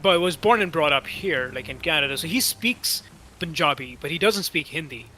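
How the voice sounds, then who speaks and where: A man from India, chatting casually and haltingly while gaming with friends. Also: on the high side, animated, bright, forceful tone, a little hiss or hum. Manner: rambling, halting with many fillers and restarts. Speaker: gaming stream co-player. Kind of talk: casual chat.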